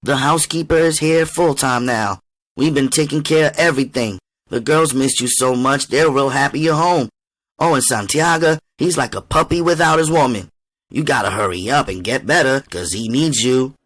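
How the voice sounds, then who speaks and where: A man's voice: medium pitch, normal speed, fairly bright tone, dry recording, pitched above the performer's own voice, close to an everyday voice. A man voicing a spoiled, brash teenage girl in an audiobook reading, slangy and upbeat. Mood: brash, coaxing.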